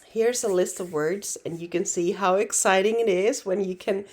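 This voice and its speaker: A woman with Finnish as her first language, teaching a relaxed online language lesson in an unhurried, reassuring way. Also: mid-range voice. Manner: unhurried, reassuring, many fillers and restarts.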